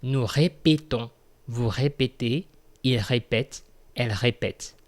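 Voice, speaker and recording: Man, language teacher, unhurried delivery, repeats forms aloud. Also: medium pitch. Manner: slow, repeats conjugations aloud, explains step by step. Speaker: French teacher. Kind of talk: grammar lesson.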